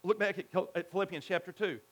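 High-voiced man preaching a sermon. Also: fast. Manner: emphatic, animated preaching with repetitions and restarts. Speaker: pastor.

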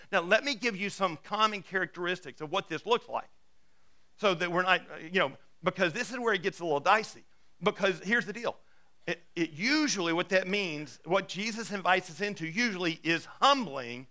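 Bright, high-voiced man preaching a sermon. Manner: conversational, animated storytelling with soft hushed passages. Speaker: pastor.

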